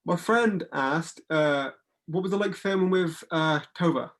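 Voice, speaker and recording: A young man hosting a casual interview, asking eager, halting questions. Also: fairly high pitch, a bit bright. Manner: eager, hesitant questions with fillers. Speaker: interviewer host.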